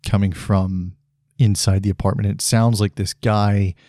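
A man's voice: fairly low pitch, level tone, unhurried, mellow, dry recording, studio quality. A man in his thirties hosting a solo podcast monologue, talking bluntly and with frustration, swearing freely and breaking off into restarts. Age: 30s. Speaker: podcast host.

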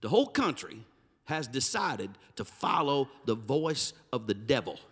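A preacher delivering a sermon with a high, piercingly bright voice. He swings from loud, forceful bursts down to low, hushed phrases. The sound rings with a long reverb. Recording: reverberant hall.

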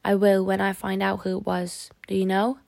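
A man's voice: sits high, monotone, moderate pace, creaky, darkish tone, no room sound. A woman voicing a young man, a curious prisoner recovering from illness, in an audiobook. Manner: curious, questioning. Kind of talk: audiobook character voice.

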